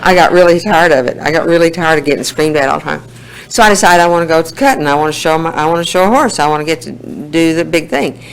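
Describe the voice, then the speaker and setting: A woman gives a personal testimony at a recovery meeting. Her voice is gravelly, and she tells her story in a plain, homespun way. A faint hiss sits behind her. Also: low-pitched, low-quality recording.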